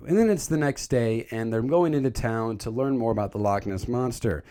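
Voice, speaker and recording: A man's voice: medium pitch, moderate pace, hardly any pauses, warm tone. A young man giving a casual, joking movie recap, rambling and stumbling over his words. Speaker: video creator recapping a movie.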